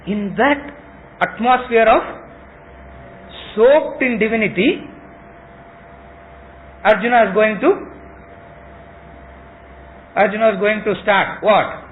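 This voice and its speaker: A man's voice: sits high, takes it slowly, long pauses. A man teaches a scripture class. He repeats phrases and keeps asking the room rhetorical questions. The recording is thin and tinny like a phone line, with a faint hiss behind it. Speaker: spiritual teacher.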